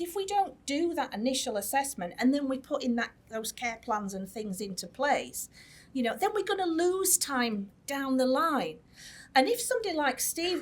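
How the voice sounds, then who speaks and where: A woman who is a nurse specialist giving a chatty conference talk, with many fillers and restarts. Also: sits high. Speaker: tissue viability nurse specialist. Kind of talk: conference presentation. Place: conference hall.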